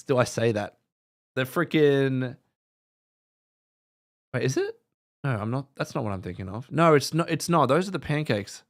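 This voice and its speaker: A medium-pitched man with an Australian accent hosts a live stream, chatting casually and rambling with his viewers. He swears every so often.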